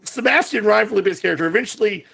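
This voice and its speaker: A man co-hosting a casual movie podcast, talking in animated bursts that jump from high excited peaks to low asides. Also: fast, gravelly, slightly rough. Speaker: podcast co-host.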